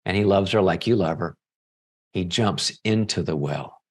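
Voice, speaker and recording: A man's voice: sits low, normal speed. A man, a psychologist guest, telling a story in conversation and acting out the dialogue. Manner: animated storyteller, acts out dialogue.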